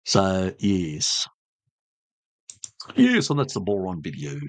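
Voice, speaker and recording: A man's voice: deep voice, huge pitch swings, slow pace, no room sound. An Australian man from Tasmania hosting a live stream, chatting casually with viewers in a blunt, joking, rambling way full of fillers. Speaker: live stream host answering chat.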